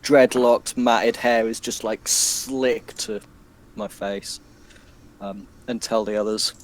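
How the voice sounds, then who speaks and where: A man's voice: lowish voice, steady tone, takes it slowly. A man playing a tabletop game, rambling loosely with lots of fillers. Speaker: player. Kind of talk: casual tabletop game chat.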